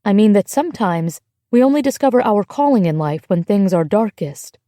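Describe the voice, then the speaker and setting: Woman playing a gentle but firm American friend, mellow tone, dry close mic. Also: mid-range voice, expressive, normal speed, no room sound, close to an everyday voice. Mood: reassuring. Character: kind, steady American woman in Paris.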